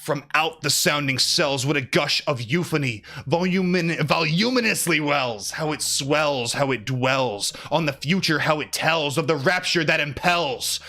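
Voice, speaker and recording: Bright, ranting man reciting poetry. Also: on the high side, measured pace, hardly any pauses. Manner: theatrical, ranting, chanted repetitions. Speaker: streamer reading aloud.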